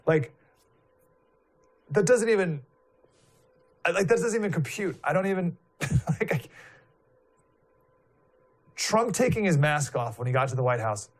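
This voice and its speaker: A man's voice: on the high side, husky. Indignant rambling male commentator. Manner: rambling, many fillers and rhetorical questions; indignant, emphatic. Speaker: political commentator. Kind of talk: live casual commentary.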